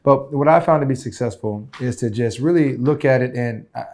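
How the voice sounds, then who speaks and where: Co-host, male, candid, easygoing, mid-pitched. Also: brisk, a little mellow. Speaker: podcast co-host. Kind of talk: casual conversation.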